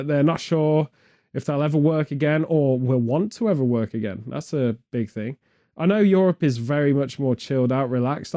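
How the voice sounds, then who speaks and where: Mellow-voiced man rambling comic tangents. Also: on the high side. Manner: meandering absurd tangents told with a straight face. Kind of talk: comedic rambling chat.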